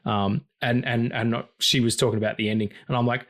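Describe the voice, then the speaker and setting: A man co-hosting a film podcast in casual chat, talking passionately and swearing freely, his pitch jumping high when he gets excited. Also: a little fast, few pauses. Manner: passionate and emotional about stories. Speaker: podcast co-host.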